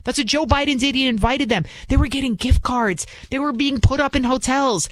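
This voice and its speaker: A woman's voice: high voice, brisk, dry recording. A woman political commentator talking in an indignant, emphatic way, firing off rhetorical questions and repeating her points. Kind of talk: opinion monologue.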